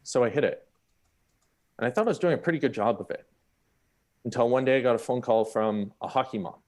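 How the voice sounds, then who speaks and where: A man's voice: mid-range voice, a little fast. A man, speaking on a panel and telling a personal story candidly, acting out the people in it. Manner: candid, animated, acts out the people in his story.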